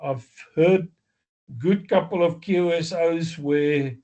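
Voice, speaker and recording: A man with a South African accent giving a slow, deliberate exam review lecture, explaining step by step with fillers and self-corrections. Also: on the high side, mellow, lo-fi sound. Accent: South African English. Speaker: amateur radio exam instructor.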